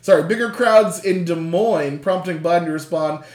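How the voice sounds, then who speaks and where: A quiz host in casual chat, reading questions aloud, laughing often, swearing and reacting with loud dismay. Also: mid-range voice, normal speed. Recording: roomy echo.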